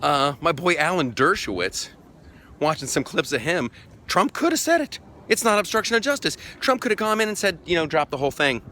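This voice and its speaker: A man hosting a comedic vlog, ranting sarcastically and mockingly to camera with excitable outbursts. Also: high voice, fairly quick, a little hiss or hum. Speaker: vlogger host. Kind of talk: comedic political rant to camera.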